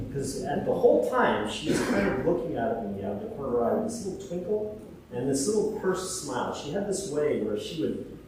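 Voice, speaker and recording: A man's voice: mid-range voice, a little mellow, slight background noise. A man giving a eulogy, fond and hesitant, with many fillers and restarts. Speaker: eulogy speaker. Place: large funeral hall. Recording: echoey hall, mic far off.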